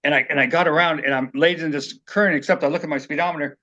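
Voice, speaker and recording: A man's voice: on the high side, fairly even intonation, very fast, pushed and bright, lo-fi sound. A man being interviewed as an author, telling personal stories in a rambling, earnest way and acting out what people said. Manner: rambling, earnest, acts out quotes.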